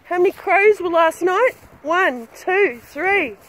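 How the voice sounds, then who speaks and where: A woman's voice: extremely high pitch, animated, takes it slowly, a bit bright, low-quality recording. A woman, ranting angrily and swearing while filming herself outdoors on her phone. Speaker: vlogger. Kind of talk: angry rant vlog while walking. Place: outdoors on a street.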